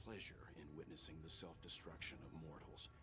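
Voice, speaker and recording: An actor playing a calm, learned older man in a game, explaining grim lore in a measured, grave way. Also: extremely low pitch, music in the background. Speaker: game character. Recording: game audio with background noise.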